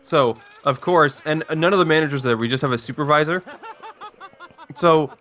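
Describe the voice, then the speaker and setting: A man's voice: a little high, moderate pace, pushed and bright. A young man, telling a story in casual chat with restarts and rambling. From Canada. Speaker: stream co-host.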